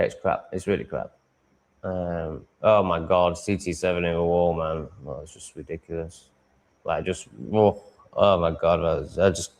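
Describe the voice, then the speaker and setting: A man talks through a casual live stream from home, answering viewers as he goes. His voice sits a little low. He rambles, swears freely, trips over restarts and chuckles between thoughts. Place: at home with cats on his lap.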